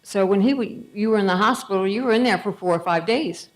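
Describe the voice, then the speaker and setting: A woman's voice: medium pitch, fast talker. A middle-aged woman giving a conversational storytelling speech at a gala, acting out bits of dialogue. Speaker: gala speaker.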